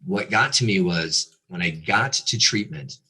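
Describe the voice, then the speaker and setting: A man with a low, slightly husky voice speaks as a guest pastor, telling his own hard story. His delivery is earnest and confessional, pressing forward with a forceful, bright edge while he stumbles over fillers and restarts. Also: unhurried. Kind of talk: candid personal testimony.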